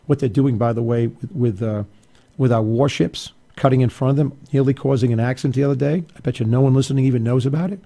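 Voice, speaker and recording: A man's voice: mid-range voice, vocal fry, dark tone. A man hosting a political talk show, arguing emphatically and going off on asides and restarts. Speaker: radio talk show host. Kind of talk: opinionated political commentary.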